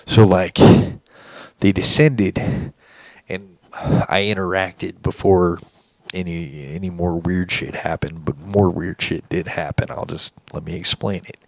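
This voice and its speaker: A man's voice: low voice, a little slow, gravelly, no room sound. A man telling a story in a casual monologue, rambling and intense, swearing often. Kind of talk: casual monologue recounting an encounter.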